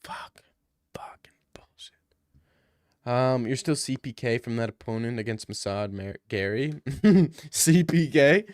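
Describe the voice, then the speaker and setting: A man's voice: medium pitch, a little slow, a little mellow, no echo, clean studio sound. A man on a stream casually answering viewer questions, joking and ranting in mock outrage.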